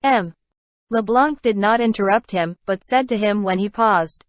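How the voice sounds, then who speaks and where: A woman narrating an audiobook of a classic novel with steady, unhurried reading. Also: medium pitch, no echo. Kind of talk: scripted narration.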